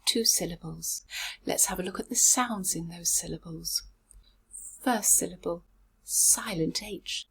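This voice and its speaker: A woman teaching pronunciation, sounding words out slowly and deliberately, syllable by syllable. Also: on the low side, fairly bright tone, husky. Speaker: pronunciation coach. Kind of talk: pronunciation lesson.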